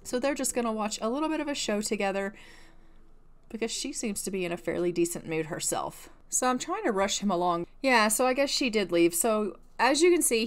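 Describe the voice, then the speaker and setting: A woman giving casual gameplay commentary, chatty and full of filler words, laughing often. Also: on the high side. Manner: chatty, full of "like" and "you know". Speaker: let's-play creator.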